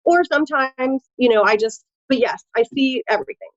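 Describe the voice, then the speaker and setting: In a casual interview, a tattoo artist and nurse with a Midwestern American accent talks in a chatty, animated way full of fillers. Her voice is high-pitched at a normal pace, and the echo-free audio has its highs cut off.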